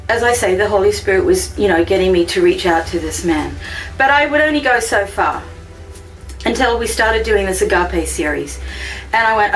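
A woman giving a personal church testimony, telling her story with animated ups and downs. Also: recorded from a distance, a little hiss or hum, poor audio. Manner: animated storytelling, voice rising high when excited.

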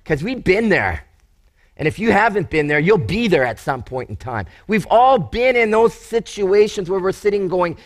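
A male preacher with a fairly high voice delivers a sermon. He tells stories with energy and acts out the lines of the people he quotes. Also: a little slow. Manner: animated, storytelling preacher who acts out quotes. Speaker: pastor.

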